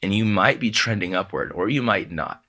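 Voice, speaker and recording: A man, a podcast guest, telling heartfelt personal stories in a halting way, with many restarts and quoted voices of his parents. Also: on the low side, animated, bright, forceful tone. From Southern California. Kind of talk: emotional personal storytelling.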